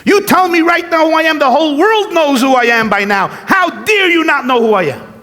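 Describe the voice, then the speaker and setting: A man putting on a vain, boastful male politician who blusters loudly when nobody recognizes him. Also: high voice, huge pitch swings, a little fast, big-room sound, voice pushed up, heavily acted. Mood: outraged. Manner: loud, blustering, self-praising.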